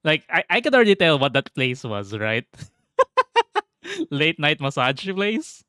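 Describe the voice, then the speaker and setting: Vlogger man, slow relaxed storytelling, dry close sound, quick to laugh. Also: on the high side, clear, resonant tone, dry recording. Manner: laughs often, swears, animated. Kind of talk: casual travel storytelling.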